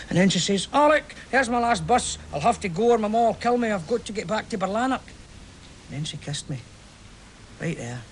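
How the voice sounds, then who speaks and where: An actor with a Glaswegian Scottish accent playing a chatty, romantic football fan who tells a story with lively swings into hushed tones. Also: male voice, fairly high pitch, a little hiss or hum, lightly acted. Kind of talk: stage play acting.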